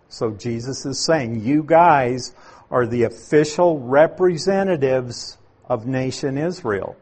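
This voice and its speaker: A man preaching an expository sermon, explaining scripture in a slow, teaching manner. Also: medium pitch, a little mellow, breathy edge.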